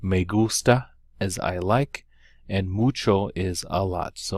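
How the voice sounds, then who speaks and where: Male teacher, lesson walkthrough, slow pace, lowish voice, hesitant fillers, dry sound. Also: a little mellow, no echo. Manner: unhurried, with many ums and uhs, slow careful Spanish examples. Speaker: Spanish teacher.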